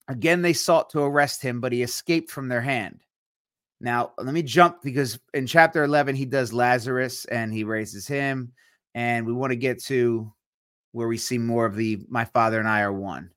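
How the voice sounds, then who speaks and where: A male podcast co-host reading Bible verses aloud slowly, then explaining them in quick casual asides. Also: medium pitch, fairly even intonation, fairly bright tone, no echo, studio quality. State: tired, yawning.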